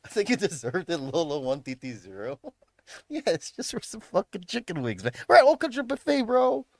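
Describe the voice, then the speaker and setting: Young dude from chicago area on a stream, swears a ton, laughs a lot, voice jumps all over, dry sound. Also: male voice, high-pitched, sing-song, fairly quick, darkish tone, no echo. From Chicago area, USA. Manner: profane, laughing, lots of bro and man. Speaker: livestreamer. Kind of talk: casual storytelling.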